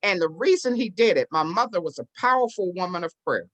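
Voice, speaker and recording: A woman's voice: on the low side, fairly quick. A woman telling a personal story as an interview guest, acting out the voices of the people in it. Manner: animated storyteller who acts out quoted voices. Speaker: real estate investor and business owner, interview guest.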